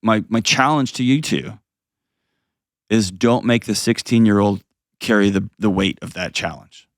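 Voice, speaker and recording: A man's voice: lowish voice, no room sound, clean studio sound. A man hosting an advice call-in show, earnest and emotional. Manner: earnest, emotional, pauses heavily. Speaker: radio show host.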